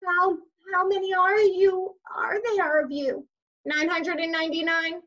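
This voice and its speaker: A woman voicing an eager, polite little boy in a storybook reading, high and pleading. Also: level tone, measured pace, bright, forceful tone, heavily acted. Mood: alarmed. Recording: slightly dull lo-fi recording.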